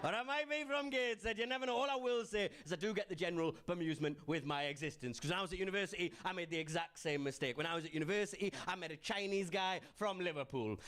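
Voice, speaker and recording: Brief: Geordie male stand-up comic, high-pitched, quick teasing crowd work. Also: a bit bright. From Newcastle, England. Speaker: stand-up comedian. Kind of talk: stand-up comedy. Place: comedy club stage.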